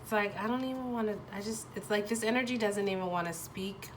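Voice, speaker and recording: A young woman with a nasal voice from a sinus infection, giving a casual tarot reading and often pausing and restarting as she searches for words. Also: medium pitch, slight background noise. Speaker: tarot reader.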